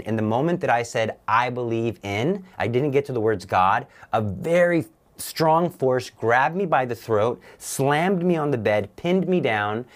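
Man, young adult, guest on a talk show, earnest halting delivery, fairly low voice. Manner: earnest, halting, with restarts and repeats. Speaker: guest telling his conversion story. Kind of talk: personal testimony on a talk show.

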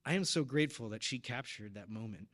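A man's voice: mid-range voice, lively intonation, quick pace, a bit bright. A man in his thirties preaching, telling a personal story in an earnest, emotional way. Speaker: deacon or preacher at a parish. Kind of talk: personal testimony in a sermon.

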